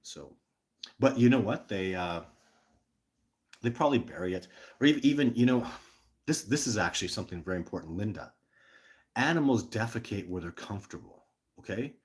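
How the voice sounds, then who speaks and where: A man with a low voice hosts a casual live stream and answers viewer questions one after another. He tells his stories earnestly and plays out both sides of each conversation himself. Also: animated, moderate pace, pauses often.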